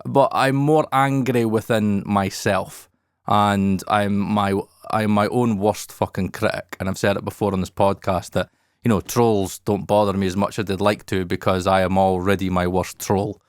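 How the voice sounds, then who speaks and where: Candid, cursing man with a low voice. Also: steady tone, moderate pace, clear, resonant tone, dry recording, studio quality. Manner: open and reflective, swears casually. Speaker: podcast host. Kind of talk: candid podcast talk.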